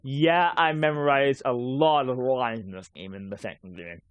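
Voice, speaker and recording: A man's voice: mid-range voice, normal speed, dry recording, dull audio. A man giving rambling, casual commentary while streaming a game, swearing offhandedly now and then.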